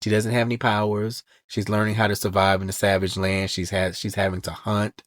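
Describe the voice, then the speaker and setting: Low-voiced man recapping comics, dry sound. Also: level tone, fairly quick, no echo. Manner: storytelling, acts out characters' lines in quotes. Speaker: podcast host.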